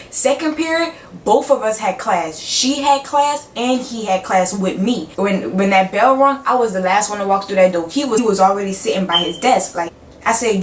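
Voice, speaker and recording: A woman's voice: mid-range voice, moderate pace. A young woman in a casual storytime vlog, cursing freely and acting out both sides of each conversation. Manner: animated, acts out both sides of dialogue, frequent cursing. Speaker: vlogger. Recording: roomy sound from a distant mic with faint background hum.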